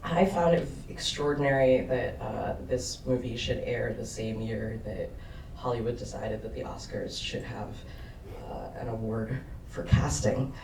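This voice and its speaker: A man's voice: medium pitch, fairly even intonation, unhurried, vocal fry, darkish tone. A man speaking as a panelist after a film screening, hesitant with many ums and a dry sense of humor. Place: cinema auditorium. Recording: echoey cinema, distant mic, noisy.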